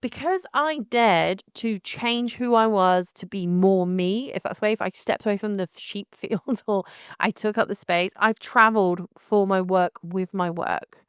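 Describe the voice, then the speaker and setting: A middle-aged English woman with a faint West Country lilt hosts her podcast alone, talking frankly and with energy. Her voice is smooth and crisp, and the dry, close recording has no room echo. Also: mid-range voice, a little slow. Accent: light West Country English. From Devon and Somerset, England. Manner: frank, animated, calls listener darling. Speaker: podcast host. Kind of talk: casual solo podcast talk.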